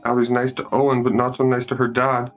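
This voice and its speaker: A man giving a casual, joking movie recap, commenting on each scene as it unfolds. His voice sits in an ordinary middle range. Soft music plays faintly in the background. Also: medium pitch, monotone, fast, muffled recording. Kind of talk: casual improvised movie narration.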